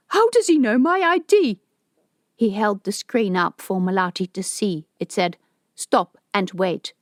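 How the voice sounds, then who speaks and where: A woman's voice: mid-range voice, no echo, clean studio sound. Woman reading an audiobook. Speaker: audiobook narrator. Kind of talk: scripted audiobook narration.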